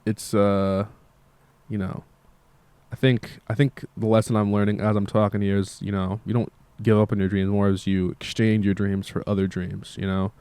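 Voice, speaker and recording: Sleepy young guy rambling and cussing, low mellow voice, dry close sound. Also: level tone, moderate pace, clear, resonant tone, no room sound. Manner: meandering, swears casually, many fillers. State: tired. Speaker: musician vlogger. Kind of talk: rambling casual monologue.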